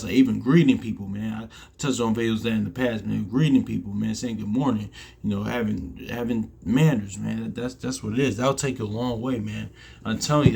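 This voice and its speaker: A man talks through scripture in a relaxed teaching style, reading verses aloud and pausing to explain them. His voice sits low, with a gravelly, husky edge. He speaks haltingly, restarting phrases and often tagging them with "man".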